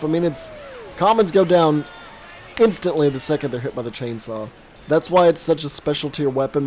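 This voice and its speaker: A man coaching a player over gameplay footage in casual commentary, animated with quick reactions and a voice strained from talking. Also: on the high side, a little hiss or hum. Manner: animated, quick reactions, self-deprecating asides. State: voice strained from long recording.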